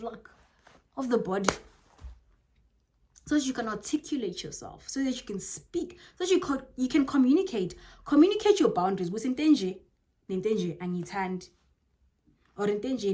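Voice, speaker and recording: A young South African woman with a Zulu-inflected accent talks straight to camera about confidence. Her pitch swings widely, leaping high on emphatic points. She sounds casual and direct, like a motivational vlogger. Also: moderate pace. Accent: South African, Zulu-inflected English. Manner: animated and emphatic, jumping to high exclamations.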